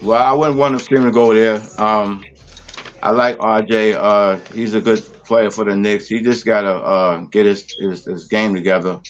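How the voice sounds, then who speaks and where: A man on a sports podcast panel, giving short, plain, halting answers. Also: on the low side, fairly even intonation. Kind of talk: casual sports podcast talk. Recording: dull lo-fi podcast audio.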